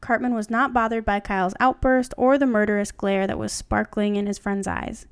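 Smooth-voiced young woman reading fanfic aloud. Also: medium pitch, steady tone, normal speed, few pauses. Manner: wry, reads narration then comments. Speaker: podcast co-host. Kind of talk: reading a fan story aloud with chat.

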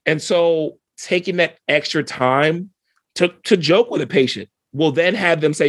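A male dentist as a podcast guest, telling stories in a relaxed, slangy way and acting out his patients' lines. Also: fairly high pitch, a little slow, breathy edge, no echo. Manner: lively, acts out patient dialogue in quoted voices; laid-back, slangy. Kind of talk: casual interview storytelling.

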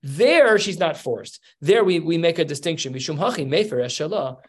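A man's voice: on the high side, expressive, normal speed. Man teaching a Talmud class. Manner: explains step by step, acts out quoted lines. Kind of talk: Talmud lesson.

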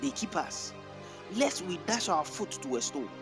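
A man's voice: sits high, measured pace. A man preaching a sermon to a congregation, calling out and speaking in tongues between scripture. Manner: preaching with lively rising calls. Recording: music playing behind.

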